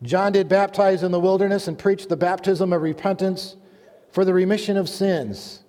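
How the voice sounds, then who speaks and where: A pastor delivering a sermon, reading scripture aloud and telling a folksy joke in an earnest manner. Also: male voice, high voice, steady tone, normal speed, dark tone. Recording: long hall reverb.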